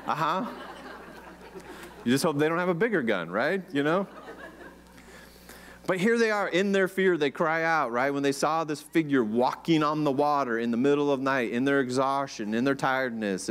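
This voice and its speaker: An American man preaching a sermon as pastor, in a relaxed, conversational way, often asking his congregation questions. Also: medium pitch, moderate pace. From United States. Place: church.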